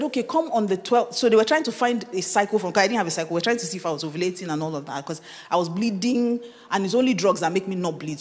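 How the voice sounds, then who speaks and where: A Nigerian woman pastor preaching a sermon and telling her own story, animated, slipping into pidgin and rising to shouts. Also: mid-range voice, big-room sound. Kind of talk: sermon with personal testimony.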